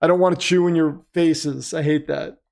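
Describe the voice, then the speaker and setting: Chatty gravelly-voiced male livestream host. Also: on the high side, fairly even intonation, moderate pace, a little mellow. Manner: chatty, reads out donations and chat messages. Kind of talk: casual livestream chat and play-by-play.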